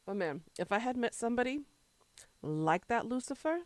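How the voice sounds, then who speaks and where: A woman's voice: a little high, big pitch swings, moderate pace, no room sound. A woman streamer chatting casually with her viewers, rambling between topics and answering chat while she eats.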